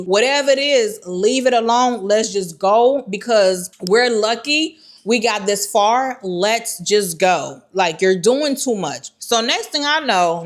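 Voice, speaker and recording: A young woman telling a personal story in a vlog, animated, with slang and acted-out quotes. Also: medium pitch.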